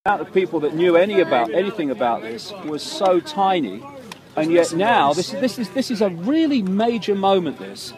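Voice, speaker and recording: A man's voice: sits high, lively intonation, normal speed, a crowd in the background. A man talking in an impassioned, emphatic way, with fillers and restarts, in an interview.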